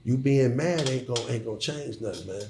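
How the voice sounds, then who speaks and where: Man, middle-aged, gravelly, emphatic, profane, stammering restarts, roomy echo. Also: mid-range voice, fairly quick, mellow, a little hiss or hum. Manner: emphatic, profane, repeats words when starting sentences. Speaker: guest, former hustler turned entrepreneur. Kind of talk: casual interview talk.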